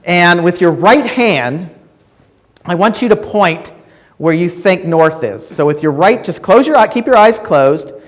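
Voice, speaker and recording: A man's voice: high-pitched, animated, unhurried. A man giving a live keynote to a sales audience, telling stories, asking the crowd questions and acting out quotes. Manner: storytelling, asks the audience questions, acts out quotes. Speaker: keynote speaker. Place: conference hall. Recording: reverberant hall recording.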